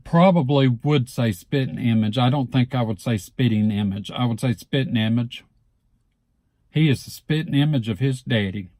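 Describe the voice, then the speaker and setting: Vlogger, male, Southeast Alabama accent, warm low-key tone, close dry mic, unhurried word-by-word delivery. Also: no echo. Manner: relaxed, repeats words slowly and deliberately. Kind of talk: casual word-list reading.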